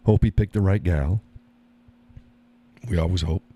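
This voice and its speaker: A man's voice: low-pitched, measured pace, long pauses, mellow, muffled recording. A man hosting a live stream, chatting casually and reading the chat, folksy and easygoing, often repeating his own phrases.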